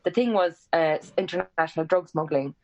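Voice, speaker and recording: Speaking at a normal pace, this Irish woman in her twenties is a podcast guest spinning a story in relaxed conversation. She curses freely, stays animated, and voices quoted lines with sharp pitch jumps; the sound is lo-fi.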